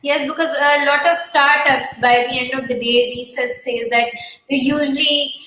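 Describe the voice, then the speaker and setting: A woman's voice: high voice, fairly even intonation, normal speed, bright, forceful tone. A woman interviewer asking questions hesitantly, with many fillers. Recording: echoey room, faint background noise.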